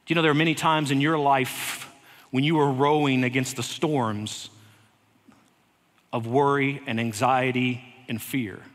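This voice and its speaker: A man's voice: medium pitch, fairly even intonation, fairly bright tone. Earnest male preacher in a reverberant sanctuary. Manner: earnest, unhurried, with light humor. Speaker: head of school preaching. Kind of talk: sermon. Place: church sanctuary. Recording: long reverb of a church hall.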